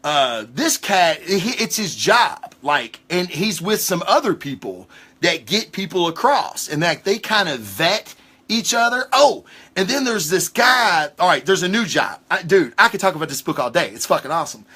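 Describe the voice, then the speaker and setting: A man hosting a casual livestream comic book review, talking in an excitable, rambling way with lots of swearing. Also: high-pitched, normal speed, slightly rough. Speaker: comic book show host.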